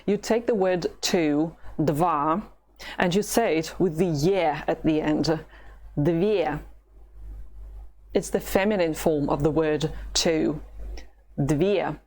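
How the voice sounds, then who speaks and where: A woman from Russia with a Russian accent, a patient language teacher who models words slowly for the listener to repeat. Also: sits low, darkish tone. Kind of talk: slow language lesson with repetition drills.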